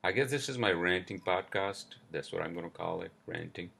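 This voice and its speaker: A man's voice: deep voice, creaky, sharp tone. A man hosting a solo podcast, ranting angrily with lots of swearing, fillers and apologies. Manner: angry, profane, halting with many fillers and apologies. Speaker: podcast host. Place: New York.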